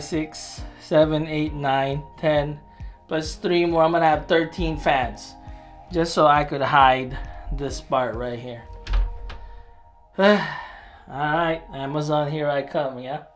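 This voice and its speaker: A chatty adult in their thirties vlogs from home in an unhurried, drawn-out way at a mid-range pitch. The talk rambles with plenty of fillers and self-deprecating asides, and an occasional excited whoop breaks through. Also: soft background music. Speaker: hobbyist vlogger. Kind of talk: casual vlog narration while working.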